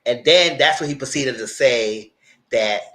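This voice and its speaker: This mid-range male voice has a measured pace and a pushed, bright quality, though the audio is poor. He's a live TV review host whose casual recaps wander, with slips into character voices.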